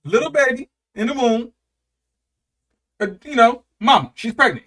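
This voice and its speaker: A man in his thirties giving casual reaction commentary, animated and profane, laughing often and drawing out his exclamations. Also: very high-pitched, moderate pace. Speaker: reaction video host.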